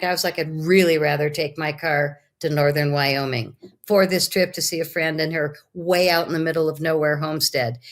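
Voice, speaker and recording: A middle-aged woman, a guest, telling a personal story in a lively, animated way and acting out her own quotes. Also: fairly low pitch. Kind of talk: casual storytelling.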